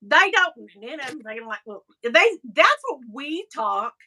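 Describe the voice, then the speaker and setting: A woman with a Southern US accent hosting a casual live chat, animated and quick to laugh as she reads viewer comments. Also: high voice, rough recording. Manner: chatty and animated, laughing often, breaks into mocking voices. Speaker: live show host.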